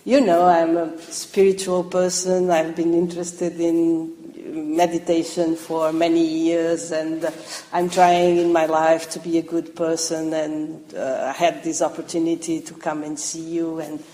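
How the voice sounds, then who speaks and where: Proud young seeker, earnest and unhurried, a woman doing the voice; echoey hall. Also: sits low, flat delivery, dark tone. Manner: earnest, eager to impress. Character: proud young British male spiritual seeker. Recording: roomy hall reverb.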